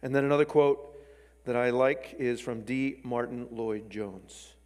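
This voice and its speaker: A man delivering a sermon in a church sanctuary, his voice trailing into a long reverb. He talks at an ordinary middle pitch, explaining things conversationally and slipping in casual asides. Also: measured pace, darkish tone. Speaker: preacher.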